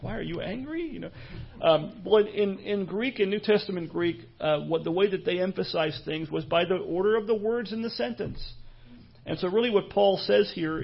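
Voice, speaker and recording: A pastor preaching a sermon in an earnest, measured way, pausing and restarting as he goes. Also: sits high, gravelly, breathy edge, dull audio.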